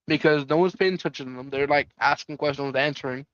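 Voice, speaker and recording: A man chats casually while reading comics live for a stream. His voice is smooth and slightly high. The recording is dry and a little muffled. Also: fairly even intonation, fast talker, a bit bright, no room sound.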